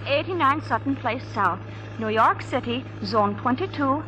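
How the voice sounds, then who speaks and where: A lilting Irish maid. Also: female voice, high voice, expressive, normal speed, a little hiss or hum, low-quality recording. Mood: chatty. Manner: lilting, gentle and earnest. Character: young Irish maid newly arrived, trusting and polite. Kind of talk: 1940s radio acting.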